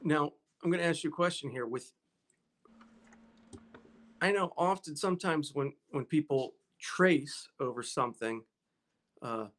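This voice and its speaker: A man's voice: a little high, a little slow, pauses often, a bit bright. A man co-hosting a livestream, putting brief curious questions to an artist. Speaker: co-host asking questions. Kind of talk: casual livestream interview.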